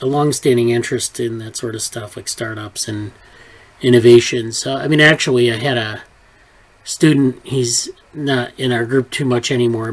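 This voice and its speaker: A man's voice: medium pitch, low-quality recording. A man leading a research group, talking in a loose, rambling way with many fillers and restarts over a video call. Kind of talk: casual meeting chat. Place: online video meeting.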